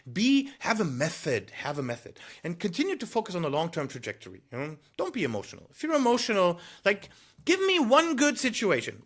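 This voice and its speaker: Male trader-vlogger, lively pitch, pushes viewers with rhetorical 'hmm?' tags and lots of 'you know'. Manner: emphatic, coaching, rhetorical questions with tag 'hmm?'; frequent 'you know' fillers. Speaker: trader giving market commentary. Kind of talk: direct-to-camera advice monologue.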